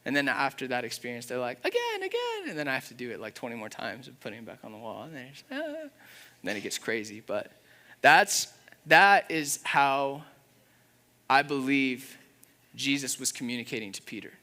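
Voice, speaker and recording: A young man preaching a sermon in an earnest, conversational way, with a father's warmth. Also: mid-range voice, lively intonation, moderate pace. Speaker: pastor.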